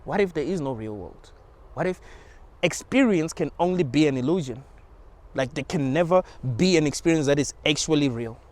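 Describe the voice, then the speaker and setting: Casual higher-pitched man musing aloud. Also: expressive, moderate pace, a little mellow. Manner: rambling, informal, with slang and frequent restarts. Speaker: channel host. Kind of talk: casual spiritual monologue.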